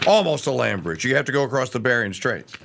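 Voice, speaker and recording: A man's voice: mid-range voice, sing-song, fast, vocal fry, a bit bright, a little hiss or hum. A man hosting a political talk show, giving opinionated commentary with sarcastic asides. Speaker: radio show host.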